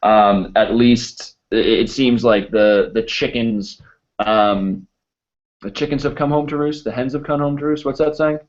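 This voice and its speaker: A man hosting a casual podcast chat, halting and full of fillers and restarts, on a dull lo-fi recording. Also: medium pitch. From United States. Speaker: podcast host.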